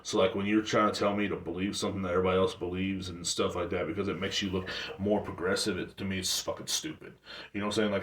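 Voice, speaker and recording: A man in his thirties hosting a talk show, ranting casually in loose, slangy, profane talk with rambling restarts. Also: deep voice. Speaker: show host. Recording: roomy sound from a distant mic.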